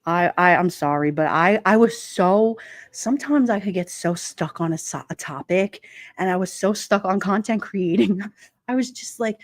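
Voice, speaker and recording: Laughing often, this livestream host banters with her viewers in a blunt, playful, casual way. Her voice is on the low side at a moderate pace, captured in a dry, clean studio recording.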